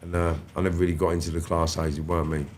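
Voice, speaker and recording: A London man in his fifties, a podcast guest telling stories in animated, slangy street talk and swearing freely. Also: sits low, racing, slight background noise. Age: 50s. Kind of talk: storytelling interview.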